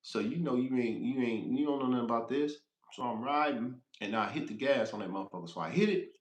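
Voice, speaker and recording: A man's voice: medium pitch, fast, echoey room. A man who drives trucks, telling a rambling, profane road story on a casual livestream, laughing as he goes.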